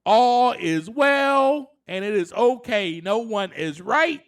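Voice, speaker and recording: Male self-help podcast host, very high voice, unhurried, earnest with frequent laughs. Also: animated. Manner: earnest, laughs often, rising to passionate emphasis.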